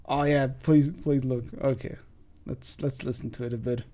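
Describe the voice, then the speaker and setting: Casting: a laid-back man doing casual gameplay commentary, with a mellow, slightly throaty tone. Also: mid-range voice, steady tone, moderate pace, soft background music. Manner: chatty, rambling, self-deprecating. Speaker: let's play host.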